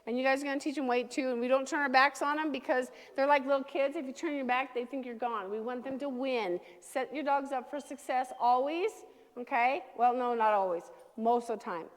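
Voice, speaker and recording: High-voiced woman coaching a dog class. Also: fairly quick, big-room sound. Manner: coaching, checks in with frequent "okay?". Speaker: dog trainer. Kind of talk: teaching a dog training class.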